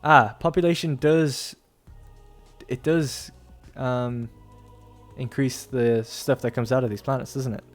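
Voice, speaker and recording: A young man talks his way through a strategy game stream, chatty and loose, often trailing off into laughs. His middle-pitched voice keeps a fairly even intonation at a slow pace, with faint music playing underneath.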